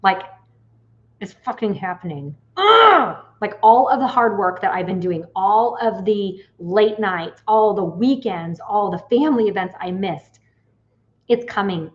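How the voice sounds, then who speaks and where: Woman, late 40s, psychic medium host; casual, animated storyteller who swears; dull lo-fi audio. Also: mid-range voice. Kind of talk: casual chat to viewers.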